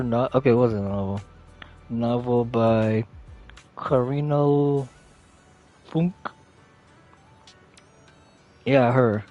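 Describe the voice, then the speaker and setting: Young man, channel host, casual rambling chat, lots of fillers, mid-pitched voice, faint music behind. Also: darkish tone, dull audio. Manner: rambling, filler-heavy, self-correcting.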